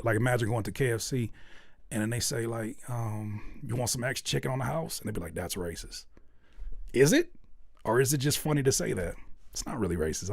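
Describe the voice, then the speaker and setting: A man hosting a music feedback stream in casual chat, jokey and repetitive, switching between loud outbursts and low mutters. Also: gravelly, slightly rough, no room sound, clean studio sound. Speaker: host reviewing music submissions.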